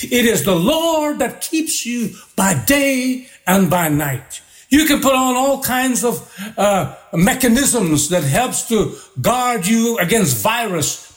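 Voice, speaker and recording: A pastor preaching a sermon, building his points through repeated rhythmic phrases. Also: sits high.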